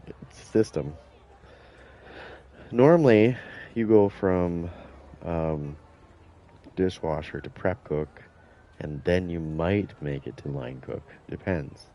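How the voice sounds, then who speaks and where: With a deep, dark-toned voice, this gaming streamer talks slowly and leaves long pauses. He spins boastful, profane stories in casual chat as he plays, swearing often and performing what people said.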